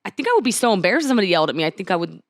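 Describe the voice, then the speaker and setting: A woman's voice: medium pitch, racing, dry recording, studio quality. A woman in her twenties co-hosting a podcast, telling stories in casual chat and acting out quotes. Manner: chatty storytelling, animated quoting. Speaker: podcast co-host.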